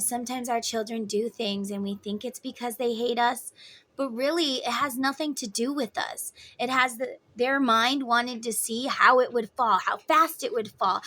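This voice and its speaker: A woman in her thirties giving a casual tarot reading, chatty and motherly, guiding the listener through slow breathing. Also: fairly high pitch, pushed and bright. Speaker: tarot reader.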